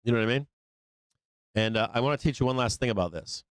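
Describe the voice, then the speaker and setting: Guy hosting a trading show, swears a lot, jokey and rambling, smooth clear voice, dry close sound. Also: fast talker, no room sound. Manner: profane, joking, acts out little scenes in higher voices. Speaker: stock trading show host. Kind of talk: casual rambling advice to viewers.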